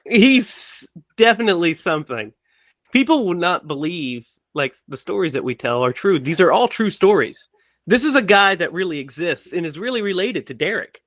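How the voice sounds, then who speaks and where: A man co-hosting a podcast in casual chat, playful and quick to laugh. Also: high-pitched, no echo, clean studio sound. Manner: laughs often, lively and playful. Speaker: podcast co-host.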